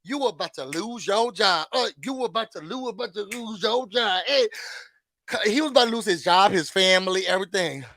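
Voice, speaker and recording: High, bright-voiced man recapping reality TV. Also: a little fast, slight background noise. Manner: animated, chatty, laughing, dramatic asides. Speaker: YouTube host. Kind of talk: casual reality-show recap commentary.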